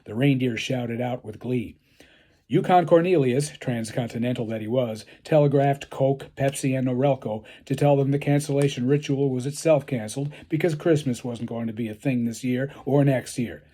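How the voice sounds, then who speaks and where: A man reading his own short story aloud, in a dry, deadpan delivery. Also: mid-range voice, normal speed.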